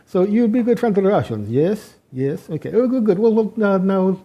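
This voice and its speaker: A man's voice: high voice, expressive, fairly quick, mellow, muffled recording, pitched above the performer's own voice. A man doing a mock Russian accent as a sly, wheedling male caller. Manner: wheedling, sly, rising questions.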